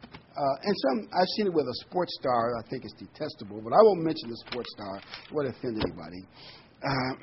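Guy preaching, chatty sermon, slows way down on bible verses, muffled recording. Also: medium pitch. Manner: conversational, reads scripture slowly with emphasis. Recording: dull lo-fi recording with faint noise.

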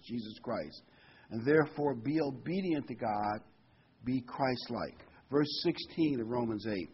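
A man's voice: mid-range voice, a little hiss or hum. A man preaching a sermon, reading scripture aloud and explaining it in a conversational way, chuckling now and then. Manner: conversational, chuckles between points, reads verses aloud. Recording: dull, slightly muffled recording.

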